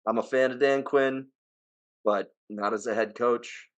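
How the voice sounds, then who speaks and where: A man co-hosting a casual sports podcast with a New Jersey accent. His delivery is opinionated and ranting, laced with swearing, and his voice sits at an ordinary middle pitch for a man. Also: fairly even intonation, measured pace. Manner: opinionated, ranting, swears, rising to exasperated outbursts. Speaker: podcast co-host.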